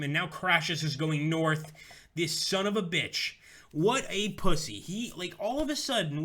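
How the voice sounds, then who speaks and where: Excitable young male game streamer, bright voice. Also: a little high. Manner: excitable, swears freely. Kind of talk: live game commentary.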